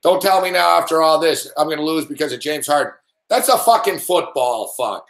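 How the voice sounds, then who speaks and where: This stream host reacts live to sports bets, swearing, ranting and shouting at the action, with the room adding noticeable echo. He sounds a little high, animated and creaky, talking slightly fast.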